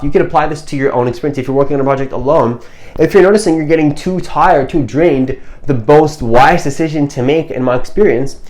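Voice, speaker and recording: A man's voice: mid-range voice, darkish tone. Earnest rambling man coaching on self-help. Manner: earnest, rambling, restarts and repeats points. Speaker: manifestation coach. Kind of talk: motivational self-help monologue to camera.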